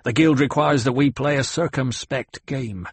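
A man voicing a shrewd, cautious male smuggler chief who speaks in a measured, guarded way. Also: medium pitch, husky, no room sound.

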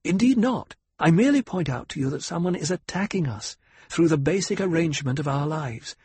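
An icy, sharp-tongued noblewoman, as a male reader puts her on, talking down with a raised, airy pitch. Her words come measured and calm, lecturing and probing. The voice is very breathy, recorded close and dry in an audiobook. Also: dry recording. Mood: cold, probing. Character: cool, cutting noblewoman, a duke's consort. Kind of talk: audiobook character voice.

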